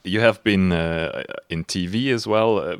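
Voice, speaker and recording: Low-voiced guy asking interview questions, kinda hesitant, dry close sound. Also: measured pace, clear, resonant tone, dry recording.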